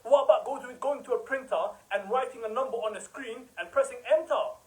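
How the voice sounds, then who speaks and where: A man's voice: very high-pitched, fairly quick, poor audio. A man giving an impassioned religious talk, emphatic and rhetorical, sometimes mocking the people he criticizes. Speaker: preacher.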